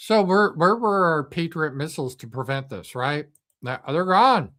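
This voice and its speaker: A man's voice: sits high, expressive, normal speed, bright, forceful tone. A middle-aged man hosting a live political commentary stream, speaking off the cuff in a profane, sarcastic and mocking way with frequent fillers.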